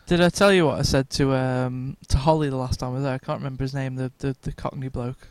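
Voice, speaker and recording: Male podcast co-host, gravelly, dry close sound, rambly, at a convention. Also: mid-range voice, level tone, quick pace, darkish tone, no room sound. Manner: rambling, self-interrupting, laughs often. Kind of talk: casual chat. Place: comic convention.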